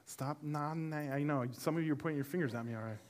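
A middle-aged man, a pastor preaching to a church congregation, telling a personal story with humor and animation, then turning softer and earnest. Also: fairly high pitch, fast. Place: church service before a congregation.

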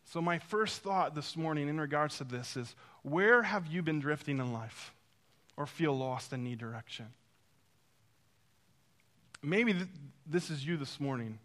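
A man preaching with a high, bright voice. He tells stories and talks straight to the congregation with asides. At times he drops to a near hush, and at times he pushes hard for emphasis. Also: expressive, a little slow. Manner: storytelling, swings between loud emphasis and hushed intimacy; speaks to the congregation directly, with asides. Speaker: pastor. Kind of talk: sermon.

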